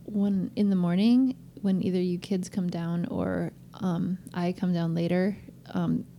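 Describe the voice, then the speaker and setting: A woman's voice: lowish voice, fairly even intonation, measured pace, creaky, dark tone. A middle-aged woman and mother co-hosting a casual family podcast, gushing and laughing often. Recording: faint background noise.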